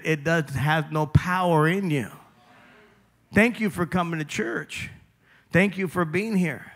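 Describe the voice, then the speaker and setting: A male pastor preaching a sermon, driving points home with emphatic repetition and shifting between loud declarations and quieter personal appeals. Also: a little high, unhurried.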